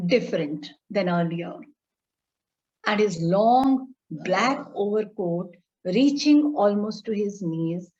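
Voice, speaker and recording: In an online class, a woman teacher with an Indian English accent reads a story aloud, then goes through it line by line and puts questions to her students. Her voice sits in the mid range and is a little mellow; she reads a passage, paraphrases it slowly, and quizzes the class. The audio is dull and lo-fi.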